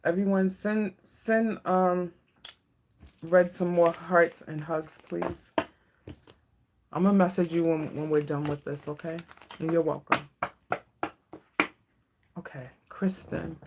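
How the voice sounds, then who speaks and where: A woman giving a live-stream tarot reading, soft-spoken and emotional, often checking in with her viewers. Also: lowish voice, steady tone, takes it slowly, long pauses, slight background noise. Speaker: tarot reader.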